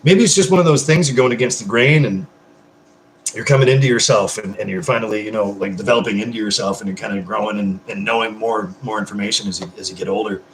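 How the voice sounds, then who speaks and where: Fast and lowish, a man's voice bounces around an echoey room, with slight background noise on a rough recording. He chats on a live stream over a beer, taking comments one after another, effusive, rambling and swearing all the time.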